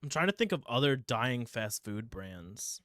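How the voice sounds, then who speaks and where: Brief: Midwestern male podcaster, dry close mic, casual and animated. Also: medium pitch, measured pace, no echo. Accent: Midwestern American. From Ohio, USA. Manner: animated storytelling, swears casually. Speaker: podcast co-host. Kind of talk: casual chat.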